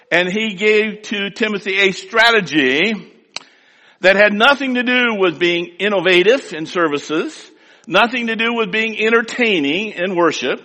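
A man preaching a sermon, emphatic, swinging between loud, drawn-out declaiming and quiet asides. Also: high-pitched. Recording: long hall reverb.

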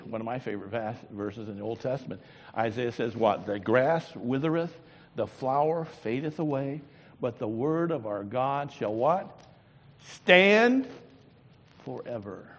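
Emphatic preacher man in a reverberant hall. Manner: emphatic, swings from loud exclamations to low intense murmurs; asks the congregation rhetorical questions. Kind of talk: sermon.

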